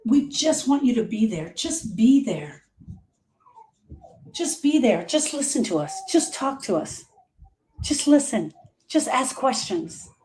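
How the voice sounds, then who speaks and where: Woman, grief specialist, live talk; emphatic and direct, repeats her points; higher, mellow voice. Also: very animated, measured pace. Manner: emphatic, repetitive, direct advice.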